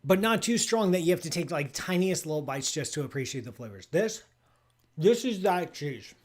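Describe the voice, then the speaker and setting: A fairly high-pitched man talks fairly quickly with big pitch swings. He's an astrophysicist hosting a live call-in space show, loosely chatting on a casual stream and doing a playfully enthusiastic food tasting, with many "like"s and restarts.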